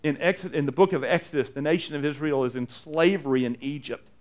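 Slightly high-voiced male preacher. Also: quick pace. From United States. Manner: conversational preaching, acts out quotes, repeats phrases. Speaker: pastor. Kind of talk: sermon.

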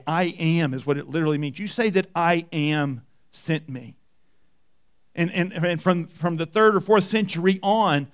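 A pastor preaches a sermon in a conversational way, his voice high-pitched. He moves briskly, restarting and repeating words, but slows down when he wants emphasis.

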